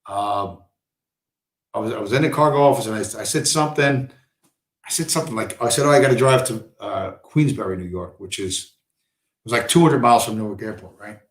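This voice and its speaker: A man's voice: on the low side, fairly quick. A man rambling through a profane, meandering story on a casual livestream, often mimicking the people he quotes. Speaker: livestream host. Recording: echoey room.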